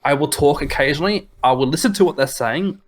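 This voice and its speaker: Rambling young Australian podcast host. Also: male voice, on the high side, fast talker. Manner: rambling, stop-start storytelling. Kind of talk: casual chat.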